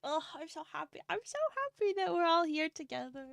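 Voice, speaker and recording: A woman's voice: very high voice, lively intonation, brisk, gravelly, a bit bright, dry recording, studio quality. A young woman streamer chatting casually with viewers, giggly and effusive, swearing freely. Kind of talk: casual live-stream chat reading viewer messages. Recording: faint music behind.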